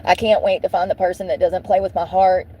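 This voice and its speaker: A woman's voice: lowish voice, level tone, brisk, warm tone, slightly rough, low-quality recording. A woman vlogger venting to her viewers in a blunt, profane way, repeating phrases over and over for emphasis. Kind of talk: emotional venting monologue.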